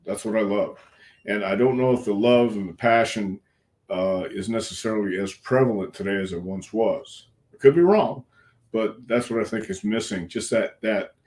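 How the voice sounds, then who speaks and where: Low-voiced older man telling stories. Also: warm tone. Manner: frank, folksy, earnest, with some cussing. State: clearing a frog in his throat. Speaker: wrestling coach, interview guest. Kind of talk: casual storytelling interview.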